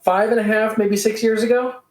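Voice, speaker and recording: A man with a fairly high voice chats on a live stream, telling stories in a lively way and swearing freely. His voice carries a roomy echo. He is from Texas. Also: fairly quick. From Texas, United States. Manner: animated storyteller, swears freely. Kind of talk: casual live-stream chat.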